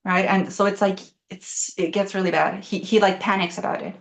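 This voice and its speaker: A young woman in casual conversation, talking at an even middle pitch. She rambles through a story at a brisk clip, full of fillers and restarts, with the occasional swear word. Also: creaky. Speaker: guest.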